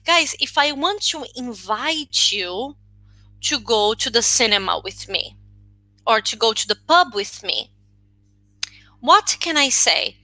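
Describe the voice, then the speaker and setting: Slow, bright-voiced woman teaching English. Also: on the high side, no room sound, low-quality recording. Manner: encouraging, reads out student answers and corrects them; slow, clear and expressive. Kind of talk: live online class.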